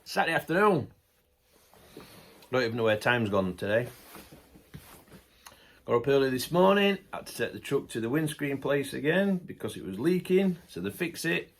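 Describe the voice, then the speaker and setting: A man's voice: mid-range voice, sing-song, moderate pace, vocal fry, long pauses. A middle-aged man, chatting casually to camera, ranting bluntly, then laughing it off with good humour. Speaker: vlogger.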